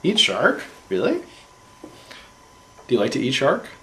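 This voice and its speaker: A young father playing with his toddler at home, talking in exaggerated sing-song baby talk that leaps into a high voice. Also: huge pitch swings, measured pace. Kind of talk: playful home video chat with a small child. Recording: echoey room with loud background noise.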